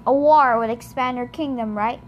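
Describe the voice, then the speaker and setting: A woman's voice: a little high, normal speed, a little hiss or hum, close to an everyday voice. A woman reading the lines of a polite, nervous teenage boy speaking carefully. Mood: pleading. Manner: careful, pleading.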